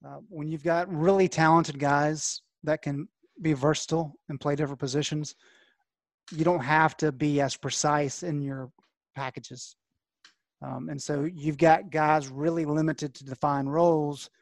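Football reporter, man, slightly high voice, dry sound, measured analysis. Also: steady tone, no echo. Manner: thoughtful, measured, with fillers. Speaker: college football beat reporter. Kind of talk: casual sports analysis.

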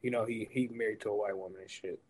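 A young adult man co-hosting a casual chat, talking in relaxed, slangy banter. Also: on the low side, quick pace. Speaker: podcast co-host.

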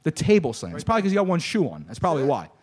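A man's voice: on the high side, huge pitch swings, racing, darkish tone, husky. A male show host in casual chat, joking and teasing in a boisterous way. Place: studio.

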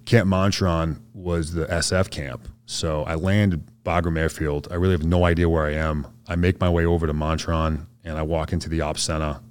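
A man's voice: very deep voice, level tone, moderate pace, hardly any pauses, clear, resonant tone. A man, a soldier guest on a podcast, telling a story in a laid-back, slangy way and acting out what others said. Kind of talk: casual storytelling interview.

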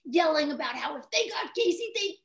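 High-voiced woman writer telling stories. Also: very animated, fairly quick, vocal fry. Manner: chatty, hesitant storyteller with many restarts. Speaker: guest writer. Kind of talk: casual interview talk.

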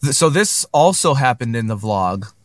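A man's voice: mid-range voice, big pitch swings, normal speed, no room sound, studio quality. A man chatting casually on a podcast, telling a long story with many fillers and restarts. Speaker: podcast guest.

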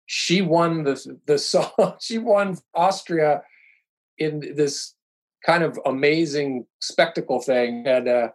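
A man's voice: fairly high pitch, slow pace, poor audio. A middle-aged man, a podcast guest, telling stories in casual chat and rambling through restarts and fillers.

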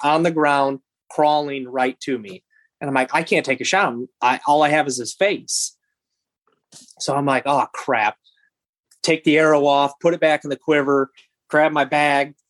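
A man in his thirties, a podcast guest, telling a story in animated, halting bursts with many restarts. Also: medium pitch, no room sound.

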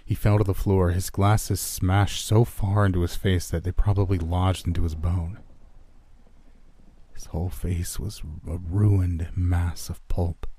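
A man reading a first-person horror story aloud in a low, steady, grim manner. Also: unhurried, slightly rough.

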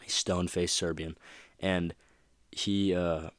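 Low voiced dude doing a chill motivational podcast, rambly, dry close mic. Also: male voice, little pitch movement, takes it slowly, no echo. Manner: rambling, lots of fillers and you-knows. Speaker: podcast host. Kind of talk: casual motivational monologue.

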